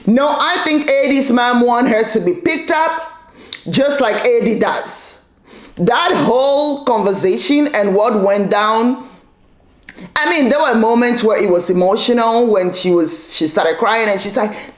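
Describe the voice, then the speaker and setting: A woman's voice: a little high, lively intonation, unhurried. A woman giving casual, sassy commentary recapping a reality show, with playful asides and frequent laughter. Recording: echoey room.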